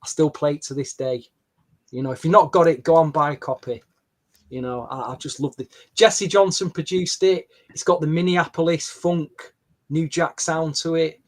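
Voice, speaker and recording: A man, hosting a podcast and telling a story in an animated, chatty way. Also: on the high side, normal speed. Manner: animated storytelling with quoted dialogue. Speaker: podcast host. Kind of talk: casual podcast chat.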